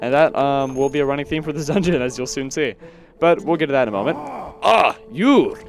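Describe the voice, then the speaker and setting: A man's voice: mid-range voice, fast talker, a little mellow, faint music behind. A man doing post-recorded gameplay commentary, rambling and self-deprecating with plenty of fillers. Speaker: let's play commentator.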